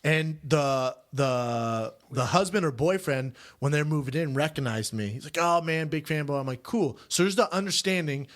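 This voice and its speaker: A man hosting a podcast, telling a story in a relaxed, chatty way and acting out the people in it. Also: on the high side, normal speed, few pauses. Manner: storytelling, animated when quoting neighbors. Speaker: podcast host. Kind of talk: casual chat.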